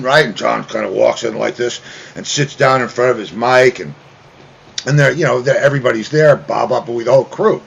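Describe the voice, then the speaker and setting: A man telling a long story in casual chat, animated, mimicking other people with loud raised voices. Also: mid-range voice, moderate pace, gravelly, a little hiss or hum. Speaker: guest musician.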